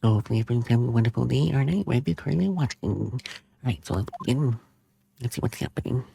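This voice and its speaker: Gravelly streamer chatting over a game. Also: male voice, mid-range voice, expressive, very fast, warm tone, slight background noise. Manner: chatty, reads game text aloud. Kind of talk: casual game-stream commentary.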